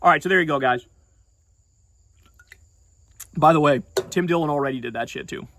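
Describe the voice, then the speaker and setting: High-voiced man ranting sarcastically. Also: very fast, a bit bright, slight background noise. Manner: sarcastic, profane, heated. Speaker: political commentator. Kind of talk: ranting video commentary.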